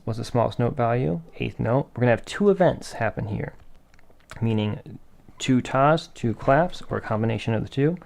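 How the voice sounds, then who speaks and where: Gravelly-voiced guy teaching rhythm, patient and step by step, quizzes himself as he goes. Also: medium pitch, darkish tone. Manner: patient, methodical, asks and answers own questions. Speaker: music teacher. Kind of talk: classroom rhythm lesson.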